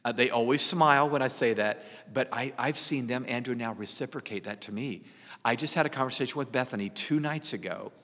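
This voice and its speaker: A man in his sixties chatting on a podcast, earnest and reflective. His voice is bright and forward, and it carries a long reverb tail as if in a big room. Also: mid-range voice, brisk. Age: 60s. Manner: earnest, reflective, self-deprecating. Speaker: podcast co-host, parent. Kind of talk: casual conversational podcast chat.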